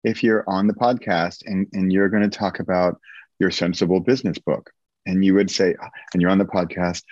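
A man hosting a podcast, with a very low, husky voice. He sounds encouraging and playful. The recording is dry and muffled, with little room sound. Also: steady tone, moderate pace, a little mellow, no echo. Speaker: podcast host. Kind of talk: casual podcast chat.

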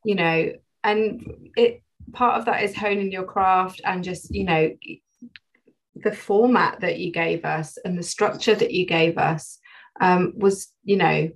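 A woman's voice: on the low side, fairly even intonation, a little slow, poor audio. A woman talking as a guest on a podcast, chatty, laughing often and trailing off mid-sentence. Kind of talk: casual podcast chat.

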